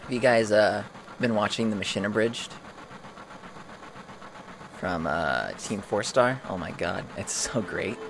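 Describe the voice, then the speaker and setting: A man's voice: lowish voice, animated, a little slow, creaky, pauses often, noisy background. Man muttering gameplay commentary. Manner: rambling, offhand, muttered asides. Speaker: gamer, let's player. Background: game music.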